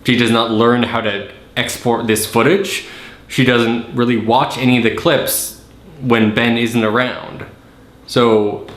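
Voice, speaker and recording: A man's voice: medium pitch, fairly bright tone. A man hosting a podcast who casually and sarcastically tears apart a horror movie scene by scene. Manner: sarcastic, acts out scenes in silly voices. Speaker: podcast host. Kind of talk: casual comedic movie critique. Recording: roomy echo.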